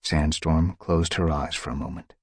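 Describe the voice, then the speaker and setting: A man narrating an audiobook in a dramatic, measured way. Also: a bass voice, fairly even intonation, darkish tone, husky, dry recording, studio quality. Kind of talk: scripted narration.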